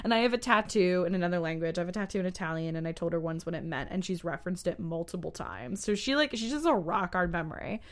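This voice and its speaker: A woman's voice: on the low side, quick pace, hardly any pauses. A young adult woman co-hosting a podcast, chatting casually and laughing often as she tells stories. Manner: giggly, chatty storytelling. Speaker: podcast co-host. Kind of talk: casual chat.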